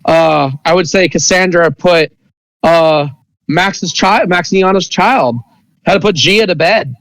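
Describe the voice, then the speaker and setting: A man narrates a tabletop game as its game master, his voice sitting high with a gravelly rasp. He rambles and restarts as he describes the scene. The sound is dry and close. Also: slow pace, a bit bright, dry recording, rough recording. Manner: rambling, many fillers and restarts.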